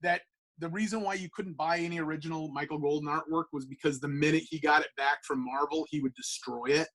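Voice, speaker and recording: A comic book artist on a podcast tells a casual anecdote, speaking fast in a fairly high voice. He's animated and profane, rambling along with plenty of fillers.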